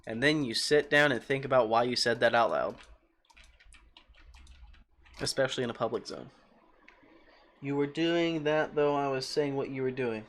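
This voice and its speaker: A man's voice: medium pitch, normal speed, pauses often, a little hiss or hum. Rambling, jokey young male streamer. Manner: rambling, jokey, often quiet. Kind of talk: casual gaming stream commentary.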